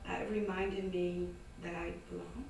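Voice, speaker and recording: A woman from the American South tells a story casually to a live audience, animatedly acting out the voices of its characters. Her voice is lowish and creaky, at a normal speed. The recording, made in an indoor event space, is echoey and noisy, with a distant mic.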